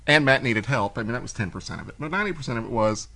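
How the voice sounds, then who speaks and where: A man's voice: medium pitch, rapid-fire, vocal fry. A man hosting a casual chat, telling a long story and acting out what people said. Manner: animated storyteller, acts out quoted voices. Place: cigar shop.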